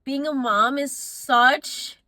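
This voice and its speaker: A woman's voice: high voice, slow pace, bright, forceful tone, dry recording. A young woman vlogging candidly about motherhood, chatty and emotional, close to tears at times and laughing at others. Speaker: mom vlogger. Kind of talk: candid confessional vlog.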